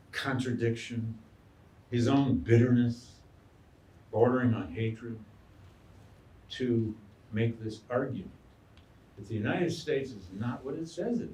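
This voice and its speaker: A man, a historian and biographer, answering audience questions in an animated, storytelling way and acting out quotes. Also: mid-range voice. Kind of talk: lecture Q&A answer. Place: lecture hall. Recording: echoey room, mic far off.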